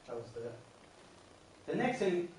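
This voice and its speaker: The Irish singing teacher's voice sits high, very animated and a little mellow, moving slowly; he's recorded off-mic from a distance by a room mic in a very echoey classroom, with slight background noise. Patiently covering verse patterns in his song workshop, he restarts often and breaks into song.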